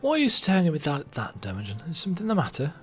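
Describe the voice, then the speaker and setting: A man's voice: on the high side, wildly swooping pitch, rapid-fire, faint music behind, voice pushed up. Man reading as a formal young companion. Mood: earnest. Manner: formal, earnest.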